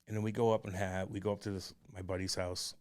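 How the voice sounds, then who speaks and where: A man in his forties co-hosting a podcast, telling a personal story in a rambling, profane way that turns loud and heated. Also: deep voice, flat delivery, fast, clean tone. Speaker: podcast co-host. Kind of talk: candid casual chat.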